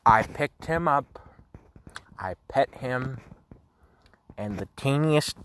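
A sleepy teenage guy hosts a podcast on his own, rambling through casual chat at a middling pitch. He swears freely and jokes at his own expense, yawning between thoughts. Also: a little slow, fairly bright tone, slight background noise. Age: late teens. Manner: profane, rambling, self-mocking jokes. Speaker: podcast host.

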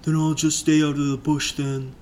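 A polite, earnest young traveler, as a male narrator puts him on. He speaks slightly higher than the narrator's plain voice, with a somewhat different tone to it. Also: flat delivery, normal speed, darkish tone, a little hiss or hum, natural voice.

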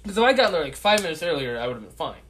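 Animated young man telling a story. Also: a little high, fast. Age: young adult. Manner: animated, swearing, acts out his own lines. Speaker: podcast co-host. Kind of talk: casual storytelling chat.

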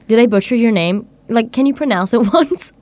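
A woman's voice: a little high, lively intonation, brisk, a little mellow, dry recording. A woman with a Swedish accent hosting a casual studio chat, talking in a chatty, giggly way with lots of "like". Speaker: podcast host.

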